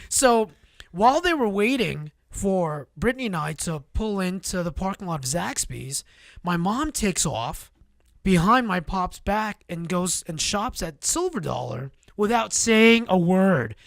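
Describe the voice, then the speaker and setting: A man co-hosting a talk show who tells rambling, animated stories with many restarts. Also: high voice, a little slow, creaky, no echo, clean studio sound. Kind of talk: casual storytelling chat.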